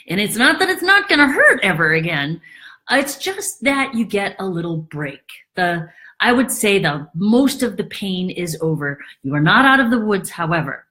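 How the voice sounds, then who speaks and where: A woman realtor talking casually to camera, acting out quoted worries in a higher voice. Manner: animated, acts out quoted thoughts in a high voice. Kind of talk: casual explainer monologue.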